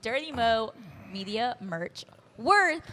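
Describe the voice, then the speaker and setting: High-pitched laughing woman co-host. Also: big pitch swings, slow, fairly bright tone, slight background noise. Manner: laughing through lines. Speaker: co-host, sponsor reader. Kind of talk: casual podcast banter, reading ads.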